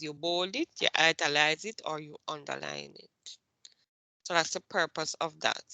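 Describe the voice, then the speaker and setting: Woman computer teacher, bright clear voice, dry close sound, patient questioning, classroom lesson. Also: on the low side, dry recording. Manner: questioning, patient, repeats points.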